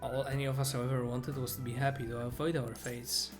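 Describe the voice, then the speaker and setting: A man's voice: medium pitch, level tone, a little fast, natural voice. A man reading a remorseful young fortune teller. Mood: earnest. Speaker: gamer reading game dialogue aloud. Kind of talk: reading game dialogue aloud. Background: game music.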